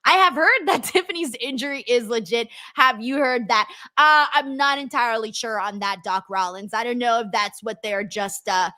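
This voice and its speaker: Bright-voiced chatty woman host. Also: a little high, moderate pace, hardly any pauses. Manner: chatty, lots of ums, excitable bursts. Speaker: wrestling livestream host. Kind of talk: casual livestream chat, reading super chats.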